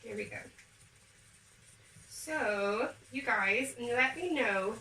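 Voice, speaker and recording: A woman's voice: a little high, extremely slow, sharp tone, slight background noise. A woman chatting upbeat to her viewers while she bakes at home, talking them through each step in her kitchen. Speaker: home baking vlogger. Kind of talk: casual cooking demonstration. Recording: echoey kitchen, mic a bit far off.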